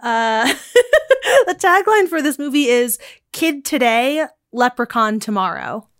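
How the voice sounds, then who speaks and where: A woman's voice: fairly high pitch, lively intonation, a little slow, a bit bright, no echo, clean studio sound. A woman co-hosting a podcast, chatting casually with stammers and amused laughs. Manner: stammering, bemused, laughing reactions. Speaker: podcast co-host.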